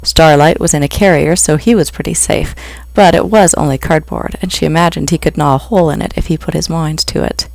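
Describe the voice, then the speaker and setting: An author reading a novel aloud, with steady, even narration. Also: medium pitch, fairly quick, gravelly, few pauses, no echo. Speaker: author reading own book. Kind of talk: audiobook reading.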